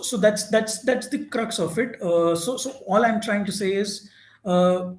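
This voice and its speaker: A man's voice: high-pitched, echoey room, poor audio. A man giving an informal presentation at an info session, talking with many fillers and restarts.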